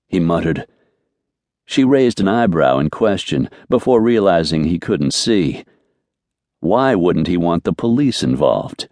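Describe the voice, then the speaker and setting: A deep-voiced man narrates an audiobook from a script, telling the story in a measured, even way. The recording is dry and clean, with studio sound.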